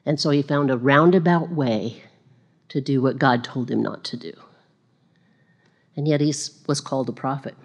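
A woman giving a conversational sermon, chatty and self-deprecating, with laughing asides, and growing animated as she retells stories. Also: a bass voice, normal speed, long pauses.

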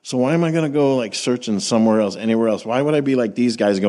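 A man preaching a sermon in a relaxed, conversational way, reading scripture and asking the congregation questions. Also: medium pitch, rapid-fire. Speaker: pastor.

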